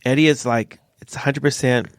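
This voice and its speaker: A man's voice: mid-range voice, brisk, clean tone, no room sound, clean studio sound. A man talking casually as a father sharing stories, acting out the voices of people he quotes. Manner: animated storyteller who acts out quoted voices. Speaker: father sharing his story. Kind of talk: casual conversation.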